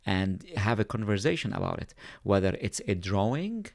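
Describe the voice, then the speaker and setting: A man speaking as a podcast guest, explaining at length in a thoughtful way and pausing on fillers. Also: lowish voice, sing-song, vocal fry, darkish tone. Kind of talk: conversational explaining.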